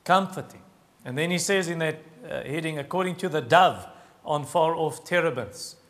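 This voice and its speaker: A man preaching a sermon, earnest and emphatic, slowing down to stress key phrases. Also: a little high, a bit bright. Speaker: pastor.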